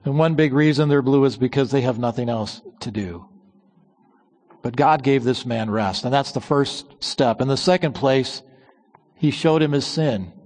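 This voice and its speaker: A man preaching a sermon with strong emphasis, slowing on key words and dropping to a low hush at the ends of phrases. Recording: long church reverb.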